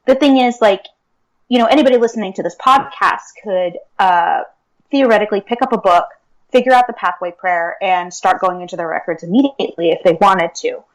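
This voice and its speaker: A woman's voice: medium pitch, low-quality recording. Woman interview guest, mid-range voice, earnest and casual, lots of fillers. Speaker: guest, akashic records reader and teacher.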